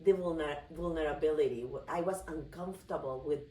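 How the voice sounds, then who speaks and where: A woman's voice: low-pitched, a little fast, warm tone. A woman in her fifties talking earnestly and reflectively in a casual podcast chat. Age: 50s. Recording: roomy sound from a distant mic.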